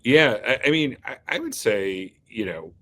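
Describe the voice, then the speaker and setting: A man's voice: medium pitch, expressive, a little slow, fairly bright tone. A man being interviewed as an agency leader, speaking earnestly with many fillers and restarts. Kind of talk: casual interview talk.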